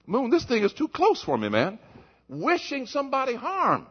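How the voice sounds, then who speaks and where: A pastor preaching in church, a man whose high voice leaps around as he shouts one moment and drops low the next. There is a husky grain to his voice. The recording sounds dull and lo-fi. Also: wildly swooping pitch, moderate pace. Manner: impassioned preaching, swings from shouts to low murmurs. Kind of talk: sermon. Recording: muffled lo-fi recording.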